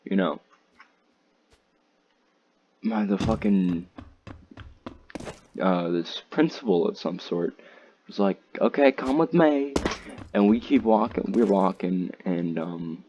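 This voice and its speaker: A man's voice: sits low, fairly even intonation, takes it slowly, long pauses, dark tone, lo-fi sound, a little hiss or hum. A teenage boy casually telling a rambling, slangy story, acting out what others said in raised voices.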